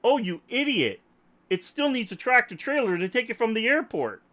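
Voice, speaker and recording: A man with a very high-pitched voice talks a little fast into a desktop microphone. He's a podcast host in casual chat, ranting in an animated, emphatic, jokey way.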